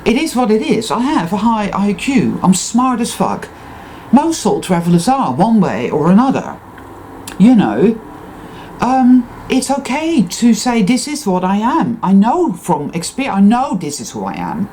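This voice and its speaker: A woman talks in an intense, emphatic monologue that swears freely. Her pitch swings widely, and her tone stays mellow and warm. Faint noise sits behind her. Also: huge pitch swings, a little slow, poor audio. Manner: emphatic, intense and profane self-affirmation. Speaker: spiritual vlogger. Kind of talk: unscripted personal monologue.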